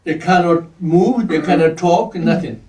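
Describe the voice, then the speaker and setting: A man whose first language is Tibetan gives a Buddhist teaching, speaking slowly and haltingly as he searches for English words. His voice sits a little high for a man. The room is echoey, and he stands some way from the mic. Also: darkish tone, recorded from a distance. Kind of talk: dharma teaching.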